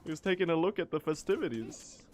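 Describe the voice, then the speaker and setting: A man's voice: a little high, animated, fast talker. A young man doing live, joking gameplay commentary as a speedrun streamer. He chats to his viewers and swears casually.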